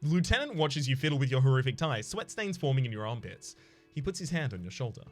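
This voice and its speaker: Lively man reading game narration. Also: medium pitch, fast talker, soft background music.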